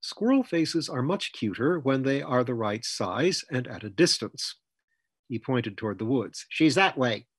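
Male storyteller, husky mid-pitched voice, dry close recording. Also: expressive, dry recording. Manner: measured storytelling. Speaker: author reading his story. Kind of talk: scripted narration.

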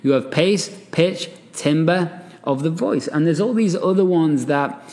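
Brief: a male podcast host with a higher-pitched voice, animated and conversational, in a room with long reverb. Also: unhurried. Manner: animated, chatty, laughs often, asides with "right?". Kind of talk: solo podcast talk, reading an article aloud.

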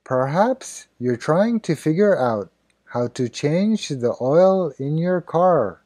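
Slow, deliberate man with a dark voice. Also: on the high side, lively intonation, dry recording. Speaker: idiom teacher. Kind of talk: scripted narration.

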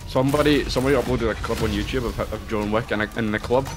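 A man's voice: mid-range voice, steady tone, racing, over music. A Scottish man co-hosting a gaming podcast, joking around and swearing. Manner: jokey, sweary. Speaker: podcast co-host. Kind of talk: casual gaming chat.

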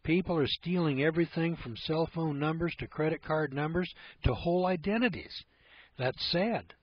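A man's voice: a little high, normal speed, breathy edge, no room sound. A man giving an informal lecture in a folksy, rambling way, full of rhetorical questions. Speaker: speaker on privacy. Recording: dull lo-fi recording.

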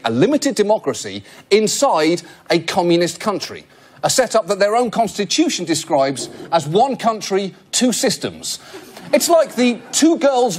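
A British man hosting a comedy show, giving a satirical monologue with sarcastic, punchy, mock-grand jokes. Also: high-pitched. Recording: noisy studio recording.

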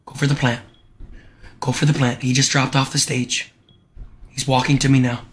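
A man streaming gameplay live, excitable and hyping himself up, repeating his phrases over and over. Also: medium pitch, moderate pace. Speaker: game streamer.

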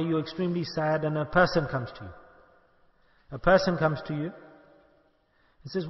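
A man's voice: a little high, brisk, pauses often. A man giving a sermon, asking his listeners questions and acting out little dialogues. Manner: rhetorical, asks the audience questions and acts out dialogue. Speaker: sheikh giving a religious talk. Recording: echoey hall, dull lo-fi sound.

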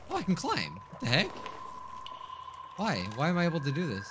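A man playing a horror game and commenting as he goes, thinking aloud and getting loudly frustrated. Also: moderate pace, noisy background. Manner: excitable, thinks aloud, swings between mutters and high yelps of frustration. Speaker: gaming YouTuber. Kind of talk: let's play commentary.

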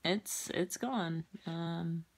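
A woman's voice: lowish voice, extremely slow, husky. A young woman vlogging casually late at night, rambling, giggling and swearing, often dropping into whispers.

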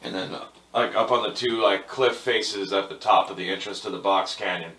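Young male game master, low voice, laid-back rambling narration. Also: fairly quick. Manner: relaxed, rambling, many fillers.

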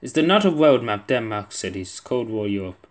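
A man's voice: mid-range voice, big pitch swings, moderate pace. A young man giving casual gameplay commentary, muttering to himself and swearing under his breath as he plays. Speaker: gaming video creator.

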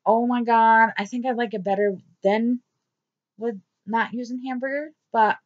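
A woman's voice: fairly high pitch, fairly even intonation, normal speed, dull audio. A woman vlogger talking straight to camera in a blunt, repetitive diary-style video. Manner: blunt, swearing, repeats herself. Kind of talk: angry diary vlog rant.

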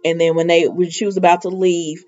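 A woman's voice: lowish voice, level tone, brisk, a little mellow. A woman chatting casually through a soap opera recap vlog, rambling and filling her talk with "you know" and "y'all". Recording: dull lo-fi recording.

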